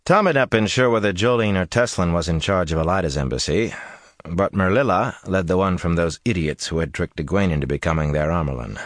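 A man with a very deep voice narrates a fantasy novel, his intonation swinging widely. His reading is measured and expressive. The recording is dry and close. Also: no echo. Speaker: audiobook narrator. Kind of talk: scripted narration.

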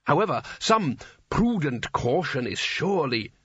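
A man reading aloud, voicing a suspicious old wizard who blusters loudly and gets flustered. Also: fairly high pitch, very animated, a little slow, husky, no echo, lo-fi sound, full character voice. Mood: blustering.

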